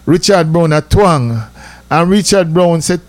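A middle-aged man with a Jamaican accent, telling stories in a lively, chatty way as a radio host. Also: a little high, moderate pace, no room sound. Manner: lively, chatty, full of asides like "I tell you, man". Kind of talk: casual storytelling on radio.

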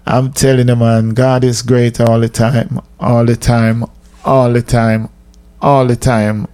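A man's voice: medium pitch, little pitch movement, slow, warm tone, smooth. A man with a Jamaican accent, a radio host giving an emphatic casual monologue that mixes patois with English.

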